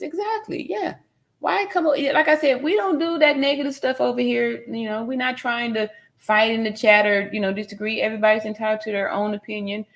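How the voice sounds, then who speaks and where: On a casual livestream, a California nurse reads viewers' comments out loud and laughs often. Her voice sits on the high side and is a bit bright.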